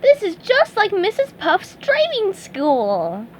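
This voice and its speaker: A woman voicing an excited, giddy young male sea sponge in a storybook reading. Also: very high-pitched, slow pace, a little hiss or hum, pitched above the performer's own voice, full character voice. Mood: gleeful. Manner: squealing and gleeful.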